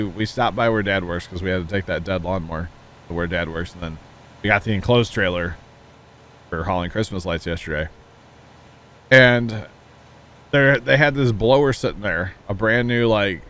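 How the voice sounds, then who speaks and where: A man's voice: low voice, normal speed, fairly bright tone. A man casually chatting with his viewers while streaming a farming game, rambling through folksy stories and asides. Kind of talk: casual livestream chat while playing.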